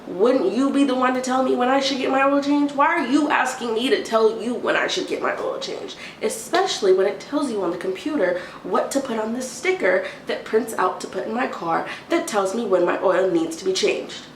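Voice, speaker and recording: A woman's voice: on the high side, moderate pace, few pauses. Exasperated woman venting in an echoey room. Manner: exasperated, animated storytelling, mimics a timid whisper. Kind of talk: storytime vlog rant. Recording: roomy, distant, faint hiss.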